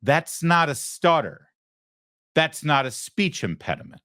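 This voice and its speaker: A man's voice: a little high, big pitch swings, unhurried, pushed and bright, dry recording, clean studio sound. A man hosting a talk show, giving emphatic opinionated commentary and asking rhetorical questions. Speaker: host.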